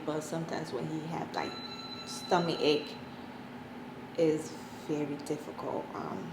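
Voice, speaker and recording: A woman in her thirties answering interview questions, hesitant, with many pauses and restarts. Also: deep voice. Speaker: interviewee, mother of an autistic son. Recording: echoey room, faint background noise.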